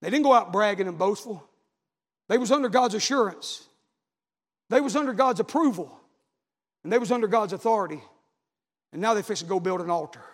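High-voiced preacher in an echoing church. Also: male voice, brisk, pauses often. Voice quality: high-pitched, preaching cadence with repeated phrases. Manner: builds from conversational to shouted, half-sung climaxes. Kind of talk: sermon. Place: church sanctuary.

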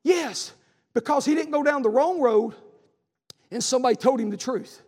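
High-voiced preacher in reverberant hall. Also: male voice, normal speed, a little mellow. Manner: fervent, repetitive exhortations with folksy asides. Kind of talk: revival sermon with personal testimony. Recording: long reverb of a large hall.

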